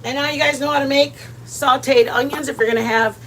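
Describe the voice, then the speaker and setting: Loud, playful woman, high voice. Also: fairly quick, noisy background. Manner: lively, loud, playful, laughing. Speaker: cooking vlog host. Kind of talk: casual cooking chat with viewers.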